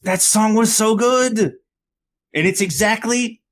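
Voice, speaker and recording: A man's voice: high-pitched, fairly even intonation, takes it slowly, a bit bright. Sweary, jokey man co-hosting a podcast. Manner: jokey, sweary, trails off and repeats himself. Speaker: podcast co-host. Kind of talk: casual chat.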